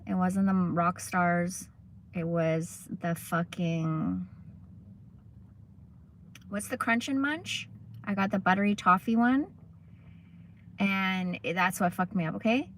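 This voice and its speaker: Bright-voiced, profane woman rambling on a livestream. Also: mid-range voice. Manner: rambling, profane, chatty storytelling. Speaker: livestream host. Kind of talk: casual chat livestream.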